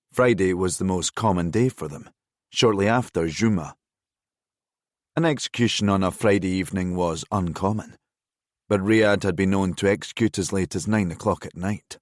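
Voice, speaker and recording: A man narrating a crime thriller audiobook in a measured, even-toned reading. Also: sits low, dry recording, studio quality. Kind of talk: scripted narration.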